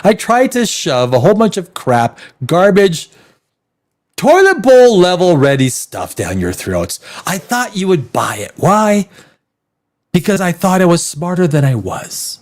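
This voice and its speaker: A man's voice: high-pitched, huge pitch swings, unhurried, full character voice. A man putting on a mock-contrite film studio boss who gives a rambling, profane apology speech. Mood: mock apologetic.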